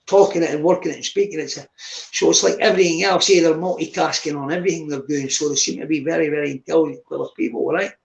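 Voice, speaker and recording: Gravelly sweary man, echoey room. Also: on the high side, steady tone, fast talker, a little mellow, muffled recording. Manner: blunt, sweary, says "mate" constantly. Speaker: guest on a live stream. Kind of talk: casual chat.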